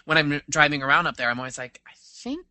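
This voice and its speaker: A man's voice: a little high, fairly even intonation, racing, bright, forceful tone, no room sound. A man co-hosting a podcast, chatting casually and rambling with lots of fillers. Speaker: podcast co-host. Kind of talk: casual chat.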